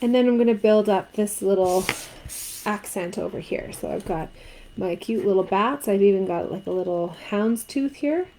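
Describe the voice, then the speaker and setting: A woman's voice: medium pitch, moderate pace, noisy background. A woman from Canada teaching a card-making craft tutorial, chatting and asking viewers what they think. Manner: chatty, asks viewers questions.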